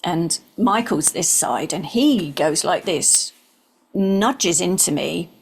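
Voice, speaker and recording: A woman in her sixties, an interview guest, earnestly telling a personal story and sometimes dropping into soft whispers. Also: fairly low pitch, animated, slow, creaky, husky.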